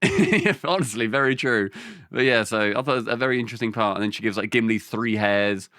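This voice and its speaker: Young guy co-hosting a podcast, rambly and sweary, bright voice, dry sound. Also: fairly low pitch, a little fast, no echo. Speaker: podcast co-host. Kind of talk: casual chat.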